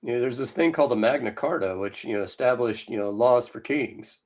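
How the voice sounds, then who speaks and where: A man's voice: medium pitch, fairly quick, darkish tone, a little hiss or hum. A man co-hosting a podcast in casual chat, rambling and full of fillers, with a Southern US accent. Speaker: podcast co-host.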